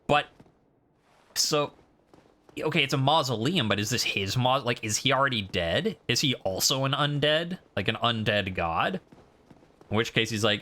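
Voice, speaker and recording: A man's voice: mid-range voice, lively intonation, normal speed, bright, forceful tone. A man streaming a video game, giving casual, rambling commentary and poking fun at himself. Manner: rambling, self-deprecating.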